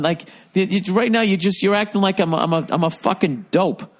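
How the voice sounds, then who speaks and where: A middle-aged man co-hosting a podcast, chatting casually in a profane, animated ranting way. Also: sits high, a little fast. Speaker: podcast co-host. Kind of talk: casual chat.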